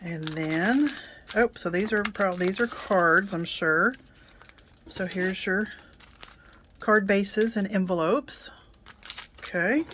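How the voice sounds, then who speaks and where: A middle-aged woman reviewing and unboxing a craft kit in a casual, chatty way, with many ums and soft asides. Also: medium pitch, slow, long pauses, a little hiss or hum.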